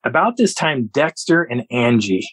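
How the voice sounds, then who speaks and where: A husky, breathy man recounts his own story in an animated manner, mimicking sounds and voices as he goes. His voice sits at an ordinary middle pitch. The sound is dry and close. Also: a little slow, dry recording, poor audio. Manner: animated, acts out sounds and quotes. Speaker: guest. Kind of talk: storytelling a personal encounter.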